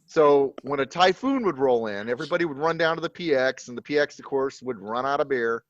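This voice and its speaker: A man's voice: mid-range voice, a little fast, dry recording, muffled recording. A man telling anecdotes with dry humor during a casual video call chat. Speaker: guest.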